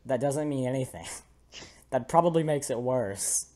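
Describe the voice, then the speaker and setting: A man's voice: medium pitch, animated, moderate pace, dark tone. A young man casually commentating a game, joking and laughing as he plays. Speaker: let's play host.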